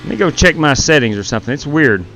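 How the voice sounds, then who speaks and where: A man's voice: a little high, animated, fast talker, fairly bright tone, a little hiss or hum. A man hosting a sim racing live stream through a gaming headset, chatting casually with viewers while running the race lobby.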